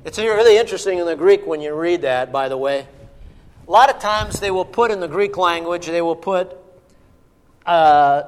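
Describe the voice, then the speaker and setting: High-voiced preacher man in a reverberant hall. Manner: emphatic preaching with sudden drops to a hushed voice. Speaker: pastor. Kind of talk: sermon.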